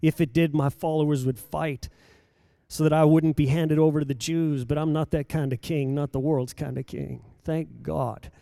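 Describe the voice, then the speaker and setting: A man preaching a sermon to a congregation, dropping to a hush and then rising loud, repeating rhetorical questions. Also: on the high side, fairly even intonation, normal speed, gravelly, no room sound, clean studio sound. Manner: dramatic preaching, swings between hushed and loud.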